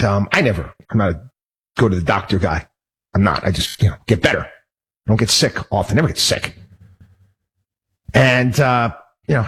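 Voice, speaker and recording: Husky-voiced man ranting, many restarts. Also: on the low side. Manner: rambling, with many restarts and repeated words; indignant and worked up. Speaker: radio talk show host. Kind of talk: casual monologue.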